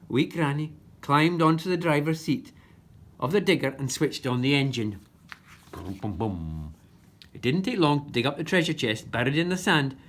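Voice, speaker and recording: A woman reading a children's story aloud with expressive narration. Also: low voice, normal speed.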